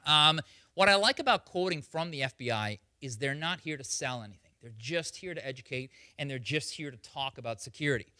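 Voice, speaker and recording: A man presents on security in a chatty, conversational way and keeps putting questions to his listeners. His voice is bright and lively, swinging widely in pitch. The sound is dry and close. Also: a little fast, dry recording. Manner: animated, conversational, asks the audience questions. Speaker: security speaker.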